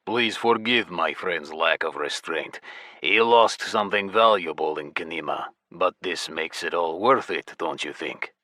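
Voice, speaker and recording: A man's voice: deep voice, measured pace, pushed and bright, dry recording, studio quality. A man voicing a smug, scheming male gnome clan leader who talks in a theatrical, condescending way in an audiobook.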